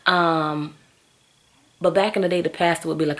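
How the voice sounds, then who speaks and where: A woman, telling stories to camera in a lively, gossipy way and calling her viewers "girl". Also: low-pitched, normal speed, long pauses. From Southern US. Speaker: vlogger. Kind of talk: casual chatty storytelling to camera.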